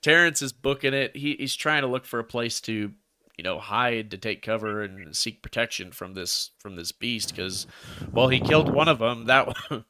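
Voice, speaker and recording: A man's voice: mid-range voice, moderate pace, sharp tone, clean tone. A man casually retelling a folk legend as a podcast co-host, rambling with restarts. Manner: rambling storyteller with restarts, laughs into jokes. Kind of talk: casual chat.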